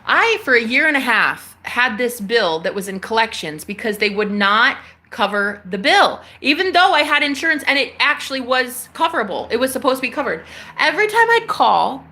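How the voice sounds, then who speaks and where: Female streamer, bright tone, animated storyteller, casual spiritual chat. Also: a little high, normal speed. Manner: animated, acts out phone calls in quoted voices. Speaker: livestream host.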